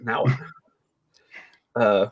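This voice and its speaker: A man's voice: very slow, noisy background. Easygoing man host asking questions. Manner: easygoing, asks questions with soft filler. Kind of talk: casual interview chat.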